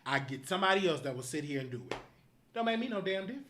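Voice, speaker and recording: A man's voice: high-pitched, very animated, rapid-fire, fairly bright tone, a little hiss or hum. A man hosting a live show, angrily scolding his producer in a profane, repetitive rant. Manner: repetitive, emphatic commands. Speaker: show host.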